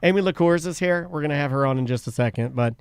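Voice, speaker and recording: A man's voice: on the high side, fast talker, clear, resonant tone, no room sound. A man co-hosting a live stream, chatting loosely and joking with a rambling, off-the-cuff manner. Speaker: co-host. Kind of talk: casual live-stream banter.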